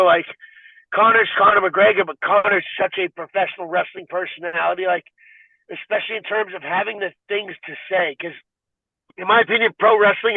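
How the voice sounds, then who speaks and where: A man guesting on a podcast, talking in an animated, rambling way with lots of "like." His voice sits high for a man and sounds dry and tinny, as if over a phone line. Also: dry recording. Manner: rambling and animated, heavy filler "like". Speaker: podcast guest, fighter and wrestler. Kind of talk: casual interview chat.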